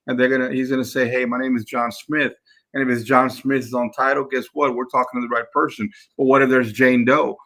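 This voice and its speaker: A real estate investor with a mid-range, slightly bright voice coaches his team in a live session. He repeats words to drive his points home to the crew.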